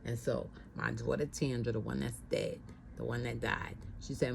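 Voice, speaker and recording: A woman's voice: a bass voice, steady tone, moderate pace, gravelly, slight background noise, rough recording. A middle-aged woman, telling a personal story in a casual, conversational way, repeating phrases and acting out what people said. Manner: conversational, repeats herself, acts out quotes.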